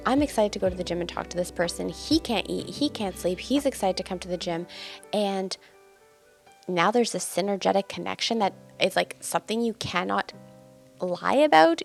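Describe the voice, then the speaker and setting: Candid woman with a gravelly voice. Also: medium pitch. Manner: candid, emotional, many filler words. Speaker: vlogger. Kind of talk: personal confessional storytelling.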